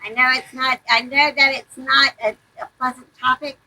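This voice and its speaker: A woman's voice: high voice, little pitch movement, moderate pace, sharp tone, a little hiss or hum, poor audio. A woman, a book publisher, earnestly urging her audience to read the books. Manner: earnest, pleading appeals. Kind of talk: promotional talk addressed to an audience.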